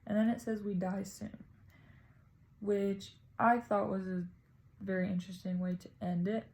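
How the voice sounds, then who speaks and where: Gravelly, flat-voiced woman analyzing a poem. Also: mid-range voice, moderate pace, a little hiss or hum, poor audio. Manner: tentative, thinking aloud. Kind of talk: casual spoken poem analysis.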